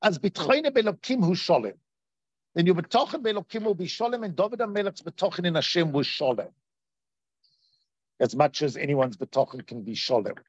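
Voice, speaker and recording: A man teaching a Torah class in a lively way, acting out quoted voices and asking his listeners questions, on a dull lo-fi recording. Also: on the high side, moderate pace, no room sound.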